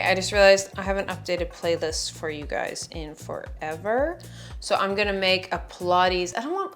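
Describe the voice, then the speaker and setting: A woman's voice: medium pitch, fairly bright tone. A young adult woman narrating a casual workout vlog, breezy and chatty, with lots of "like" fillers. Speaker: fitness vlogger.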